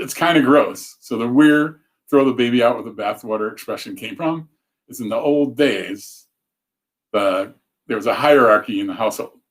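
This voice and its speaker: A man hosting a casual livestream talk, chatty and rambling, often breaking off mid-thought to read comments. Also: medium pitch. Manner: rambling, self-interrupting, chatty. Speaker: show host.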